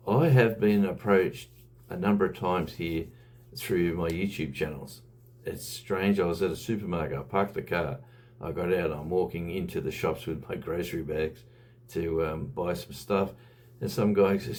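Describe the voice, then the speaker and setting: Low-voiced Australian man rambling casually. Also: measured pace, darkish tone. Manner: rambling, conversational, with frequent fillers. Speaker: YouTuber. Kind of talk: casual vlog monologue.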